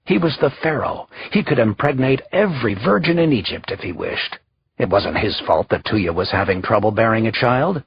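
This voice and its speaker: A man reading a historical thriller audiobook in a steady, measured narration. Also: mid-range voice, slightly rough, lo-fi sound. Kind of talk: scripted narration.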